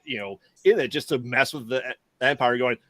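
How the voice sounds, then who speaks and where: A man's voice: medium pitch, fairly quick, fairly bright tone, no room sound. A man hosting a podcast, asking playful questions and laughing easily. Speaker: podcast host. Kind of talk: casual chat.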